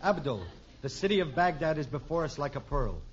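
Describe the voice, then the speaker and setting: Male comic as a florid, pompous prince, a bit high; vintage broadcast, hissy. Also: lively intonation, fairly quick, lo-fi sound, natural voice. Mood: mock-grand. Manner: mock-grand, florid. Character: pompous young prince on an adventure. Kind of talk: 1940s radio comedy acting. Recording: hissy old radio broadcast.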